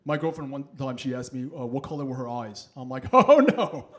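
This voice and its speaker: A man's voice: mid-range voice, brisk, background noise. A man in his thirties doing a stand-up comedy set, telling stories and acting out voices. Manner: animated storytelling, acting out voices. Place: comedy stage with laughing audience.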